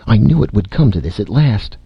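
Frantic older aunt, a man doing the voice, pitched way up and begging, with a gravelly edge in a dry, dull recording. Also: lively intonation, brisk, no echo, exaggerated voice. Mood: frantic pleading. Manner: high-pitched, imploring, breathless. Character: distraught pleading elderly aunt, woman.

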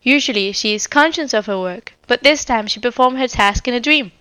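A woman reading a storybook voices a clever young woman detective who speaks quietly, tenderly and with assurance. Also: fairly high pitch, brisk, clean tone, dry recording. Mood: assured.

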